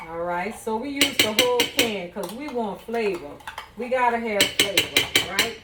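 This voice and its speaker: A woman's voice: medium pitch, expressive, takes it slowly, very noisy. Playful woman chatting while she cooks. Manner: chatty, playful, talks straight to viewers. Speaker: home cook and vlogger. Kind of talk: casual cooking demonstration. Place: home kitchen.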